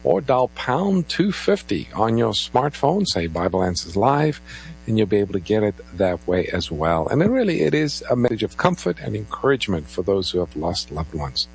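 A man's voice: fairly low pitch, moderate pace, gravelly, breathy edge, soft background music, poor audio. A man co-hosting a live call-in Bible radio show, introducing callers and reading out phone numbers in a lilting way. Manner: lively, lilting delivery, takes calls and gives phone numbers.

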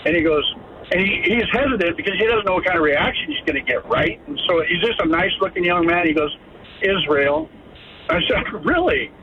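A man's voice: high-pitched, a little fast, slight background noise. Man in his fifties on a tinny phone line. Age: 50s. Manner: rambling, heartfelt storytelling. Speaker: caller. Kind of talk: call-in radio story.

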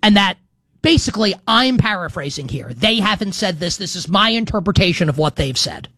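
A man in his thirties hosts a sports betting show, delivering a loose, chatty talk-show monologue full of restarts, asides and "like". His high-sitting voice is animated, bright and forceful, his pace fairly quick, and the recording is dry.

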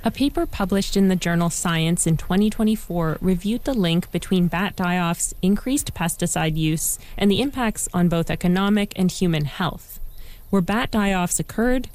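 A woman reporter giving a measured, scripted narration for a news feature. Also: on the low side, darkish tone. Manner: measured, explanatory.

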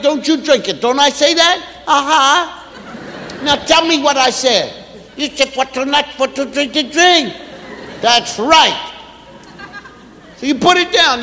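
A man performing a stand-up routine before a live audience, acting out parents and children with rapid repeated phrases. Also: very high-pitched, bright, forceful tone, a little hiss or hum. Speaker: stand-up comedian. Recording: echoey hall with audience.

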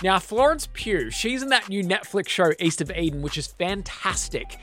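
A man's voice: high-pitched, sing-song, normal speed, fairly bright tone, faint music behind. A man hosting breakfast radio, giving upbeat, chatty entertainment news.

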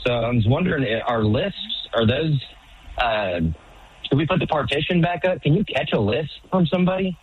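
Male caller over a tinny phone line, husky, hesitant jokey delivery. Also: a little high, moderate pace. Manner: joking, hesitant. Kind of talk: call-in talk radio.

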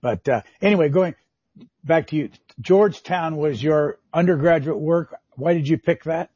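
An older man hosting a broadcast interview, speaking in a measured, formal way. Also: a little high, warm tone, husky, dry recording, highs cut off. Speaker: TV interview host.

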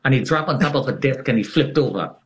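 Animated man telling a story. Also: medium pitch, fast talker. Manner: animated, acts out scenes. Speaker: interview guest. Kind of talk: dramatic personal storytelling.

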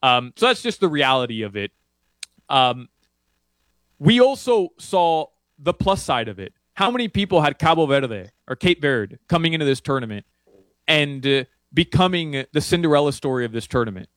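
A man talking soccer betting picks as a guest, rambling with many restarts and getting animated. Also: on the high side, moderate pace, dry recording. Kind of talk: casual sports talk. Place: Miami area.

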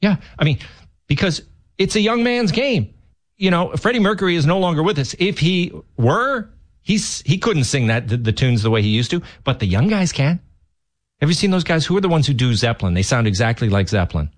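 A man's voice: fairly high pitch, sing-song, brisk. Rambling man hosting talk radio. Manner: rambling, repeats words, laughs as he talks. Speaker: fill-in radio host.

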